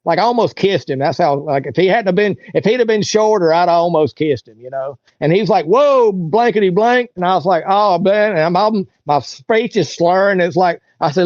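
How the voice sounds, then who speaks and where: A man's voice: sits high, lively intonation, moderate pace, hardly any pauses, darkish tone, no room sound. Guy rambling through a story in an interview, doing everyone's lines, dry muffled audio. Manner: rambling, acts out other people's lines in raised voices. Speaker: interview guest. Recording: dull, lo-fi, dry sound.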